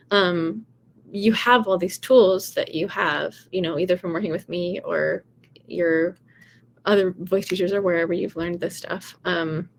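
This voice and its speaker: A woman's voice: medium pitch, darkish tone, slight background noise. A woman vocal coach giving casual, encouraging advice in a chatty way, often saying "you know" and "right".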